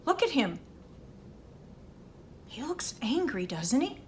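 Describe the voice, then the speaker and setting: A woman librarian reading a picture book aloud to children, animated and stopping to ask them questions. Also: high-pitched, takes it slowly, a little hiss or hum. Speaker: children's librarian storytime host.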